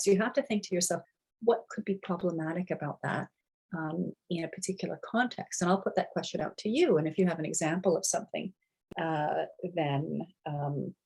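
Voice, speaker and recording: A woman's voice: fairly low pitch, a little mellow, breathy edge, low-quality recording. A woman lecturing students in a conversational way, checking in often with "right?" and "okay?" and thinking aloud as she goes. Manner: many fillers and restarts while thinking aloud. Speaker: university lecturer. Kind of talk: recorded lecture.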